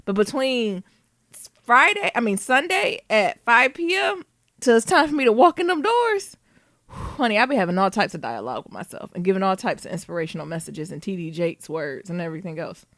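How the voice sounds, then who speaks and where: A young woman, co-hosting a casual podcast chat, animated and exclamatory, swearing freely. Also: medium pitch, fairly quick, no echo, studio quality. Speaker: podcast co-host.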